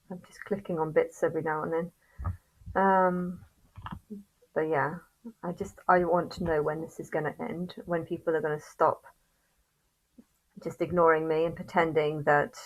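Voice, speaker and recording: A woman with a fairly low voice rants straight to the camera in a vlog. She sounds angry and halting, swears freely and keeps restarting her sentences. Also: rough recording. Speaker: vlogger. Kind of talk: ranting monologue to camera.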